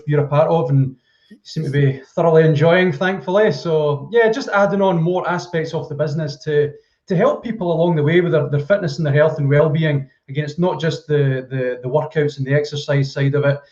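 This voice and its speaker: A man with a Scottish accent, a fitness coach guest on a remote call, answering in a polite, measured, slightly formal way. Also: fairly high pitch, a little mellow. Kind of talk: casual interview answers. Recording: echoey, dull remote call audio.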